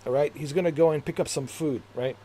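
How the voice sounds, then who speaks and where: A man telling stories in casual chat on his game stream, rambling and laughing at his own jokes. His voice sits a little high for a man, and he curses freely as he goes. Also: fast talker, dark tone. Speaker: gaming streamer.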